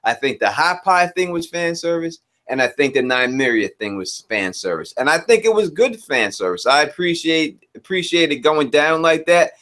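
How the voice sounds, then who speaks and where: A man co-hosting a live-stream review show, talking casually in a laid-back way and shouting out viewers in the chat. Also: on the high side, expressive, moderate pace, few pauses.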